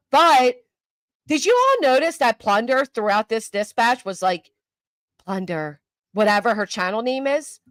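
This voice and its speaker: A woman's voice: a little high, fairly bright tone, no room sound, studio quality. An older woman hosting a casual live-stream commentary, chatty and self-mocking, answering her chat as she goes. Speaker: YouTube commentary host.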